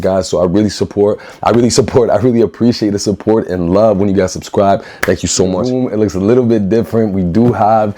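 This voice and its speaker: A man's voice: fairly low pitch, mellow. A man giving a casual sneaker unboxing review indoors, upbeat and chatty, often repeating words and calling his viewers guys. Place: indoor room with newly painted walls.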